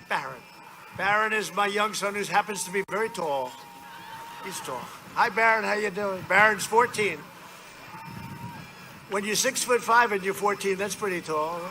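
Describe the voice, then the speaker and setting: A man's voice: high voice, sharp tone. Male politician at an open-air rally, rambling and boastful, noisy outdoor recording. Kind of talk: campaign rally speech.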